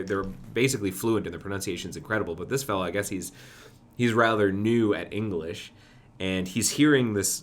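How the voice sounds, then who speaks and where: A man's voice: deep voice, fairly bright tone, slight background noise. A man streaming himself coding, thinking aloud and muttering to himself in a casual way. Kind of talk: casual live-coding commentary.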